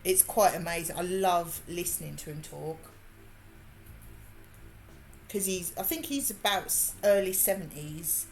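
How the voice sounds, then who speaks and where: A woman's voice: lowish voice, moderate pace, faint music behind. A woman with a Birmingham accent, chatting casually and laughing while she works on a craft during a livestream. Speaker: livestream host.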